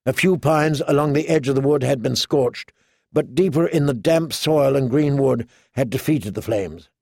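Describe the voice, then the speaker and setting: A man narrating an audiobook in an even, measured storytelling manner. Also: mid-range voice, gravelly, dry recording, clean studio sound.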